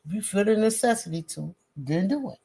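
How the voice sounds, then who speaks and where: Warm and husky in a mid-range register, her voice is animated and fairly quick. She's an art teacher giving a live-streamed painting lesson, chatty and encouraging, speaking directly to viewers and bantering with the chat in slangy, friendly fashion.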